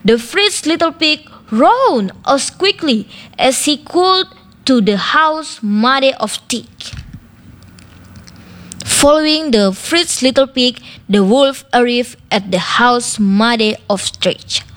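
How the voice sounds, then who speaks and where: A woman reads a children's fairy tale aloud. She narrates slowly and carefully, in a fairly high voice. The delivery is patient and deliberate. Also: lively intonation, fairly bright tone. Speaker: storyteller. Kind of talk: reading a children's story aloud.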